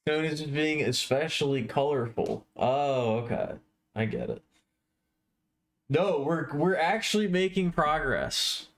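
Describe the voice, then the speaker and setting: A man's voice: on the high side, very animated, measured pace. A man live-streaming, talking casually to his chat while he draws, often restarting and correcting himself. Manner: rambling, self-correcting, talks to viewers while drawing. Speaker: livestreamer.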